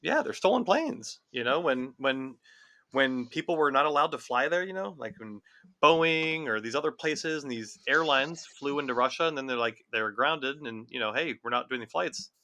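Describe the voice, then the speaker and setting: A man's voice: medium pitch, expressive, moderate pace, pushed and bright, no room sound. A man co-hosting a casual political podcast, rambling and laughing between points. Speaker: podcast co-host.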